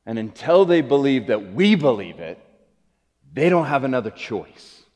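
A man's voice: sing-song, normal speed. Man preaching in a reverberant hall. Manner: earnest, builds to emphatic rises with soft low drops. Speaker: pastor. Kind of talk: sermon.

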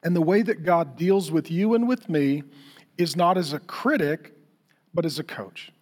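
A man's voice: fairly high pitch, animated, measured pace, darkish tone. A man preaching a conversational sermon, telling stories and acting out the lines of the people in them. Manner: conversational, storytelling with acted-out quotes. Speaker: pastor.

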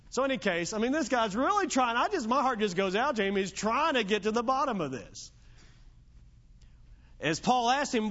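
A man's voice: very high voice, very animated, moderate pace, fairly bright tone, highs cut off. A man preaching an evening sermon in a conversational, joking storytelling manner.

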